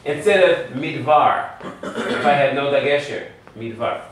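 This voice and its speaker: A man's voice: mid-range voice, measured pace. A man teaching a Hebrew grammar class, explaining rules step by step and quizzing his students. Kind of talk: classroom lesson. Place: class room. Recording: very echoey room, far from mic.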